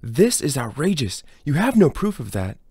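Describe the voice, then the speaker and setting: A man's voice: medium pitch, animated, moderate pace, a little mellow, husky, dry recording, clean studio sound. A man voicing an arrogant older male scythe with a pompous, indignant way of talking, in a fan audiobook reading. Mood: outraged. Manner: pompous, outraged protest.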